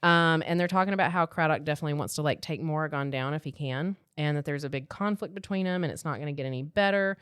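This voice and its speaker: A woman's voice: sits low, fast, hardly any pauses, fairly bright tone, clear, resonant tone, no room sound, studio quality. A woman co-hosting a comedic podcast, wryly summarizing a romance novel with loose asides. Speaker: podcast co-host. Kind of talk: casual comedic book-club chat.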